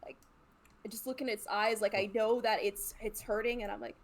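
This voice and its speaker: An excitable woman playing a tabletop game, describing her character's moves and laughing often. She thinks out loud, backs up and restarts. Her voice sits at an ordinary middle pitch. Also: a little fast. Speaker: player.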